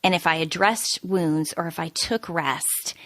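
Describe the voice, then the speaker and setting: A woman in her thirties tells her personal story as a podcast guest, earnest and animated. Her voice sits on the low side. It is recorded dry and close on a podcast mic. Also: measured pace, no echo.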